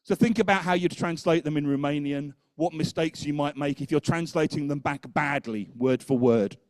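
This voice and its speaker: A man speaking at a teachers' conference, a lively storyteller who keeps checking in with the audience. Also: fairly high pitch, normal speed, no echo. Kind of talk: conference talk.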